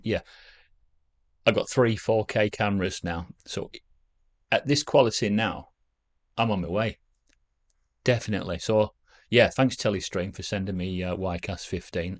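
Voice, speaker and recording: A man, chatting to camera at home in a rambling, self-deprecating way as a vlogger. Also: on the low side. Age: 50s. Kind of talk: casual reminiscing to camera. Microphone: camera on a stand.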